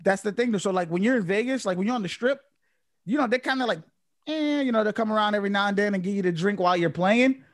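A young man in his twenties chatting casually with friends, relaxed and quick to chime in with questions. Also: sits high, dry recording, clean studio sound. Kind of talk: casual chat among friends.

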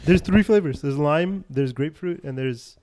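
A man's voice: fairly high pitch, moderate pace, darkish tone. A man co-hosting a casual podcast, teasing and cutting in on his friends. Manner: teasing, interrupts with hold on. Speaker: podcast co-host. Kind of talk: casual crude podcast banter.

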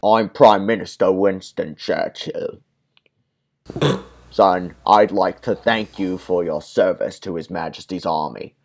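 A man doing a loose British accent while playing a stout, elderly, cigar-chewing prime minister, pompous and booming. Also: takes it slowly, gravelly, a little mellow, heavily acted. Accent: attempted British. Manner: pompous, booming, half-hearted impression.

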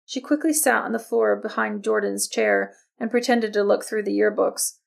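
A woman narrating a novel as an audiobook, reading in a steady, even storytelling manner. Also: mid-range voice, moderate pace, creaky, hardly any pauses. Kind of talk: scripted narration.

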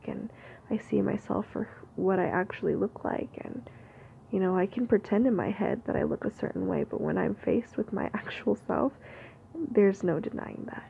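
A woman's voice: medium pitch, fairly even intonation, measured pace, creaky. A woman giving an unscripted, free-flowing musing in a whispered ASMR talk. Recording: tinny phone-like audio with faint hiss.

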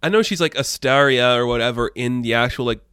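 A man's voice: mid-range voice, a little fast, a bit bright, smooth, no echo, clean studio sound. A man giving casual, opinionated comic book news commentary, rambling a little and laughing often. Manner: rambling asides. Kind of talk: casual pop-culture commentary.

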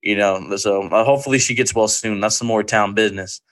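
A man's voice: lowish voice, steady tone, fairly bright tone. Chatty man talking wrestling on a podcast. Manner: chatty, halting restarts, laughs easily. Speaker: podcast co-host. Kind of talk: casual wrestling podcast chat.

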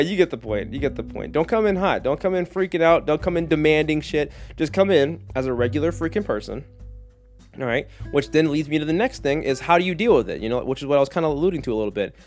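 Male solo podcaster: casual, joking, tangent-prone, animated delivery, a bit high. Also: fairly quick, soft background music. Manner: jokey, animated, lots of fillers and tangents. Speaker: podcast host.

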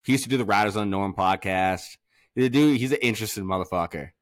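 Low guy from massachusetts on a podcast, swears a lot, laughs, dry close sound. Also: fast talker, dry recording. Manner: profane, animated storytelling with frequent laughs. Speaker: podcast host. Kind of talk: casual podcast chat.

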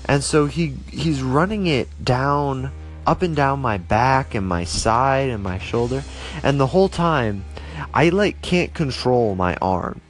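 A man's voice: mid-range voice, lively intonation, takes it slowly, faint music behind. A young man casually telling stories to his viewers, rambling with lots of fillers and restarts and livening up when he reacts. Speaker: vlogger. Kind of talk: casual storytelling to camera.

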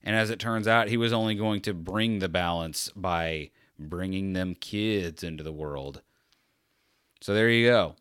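A man's voice: deep voice, unhurried, fairly bright tone, clear, resonant tone, no room sound, studio quality. Tired, rambling male podcast host. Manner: self-deprecating, sarcastic, meandering. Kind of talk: rambling solo podcast talk.

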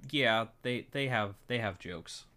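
Man, podcast co-host, casual chat, rambling, joking, smooth clear tone. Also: fairly low pitch, unhurried, pushed and bright. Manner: joking, rambling, self-interrupting.

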